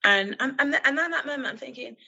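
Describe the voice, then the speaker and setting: A woman from London speaks as an interview guest, recounting her police work. She is earnest and halting, with restarts and fillers, and her voice is gravelly yet bright and forceful. The recording is muffled and lo-fi. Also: high-pitched, animated. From London, England. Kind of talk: emotional personal storytelling.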